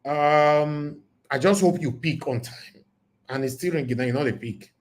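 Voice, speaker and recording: A man's voice: fairly high pitch, a little slow. Emphatic Nigerian man hosting a call-in show. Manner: emphatic and preachy, loud bursts. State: losing his voice. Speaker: host. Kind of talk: live call-in commentary.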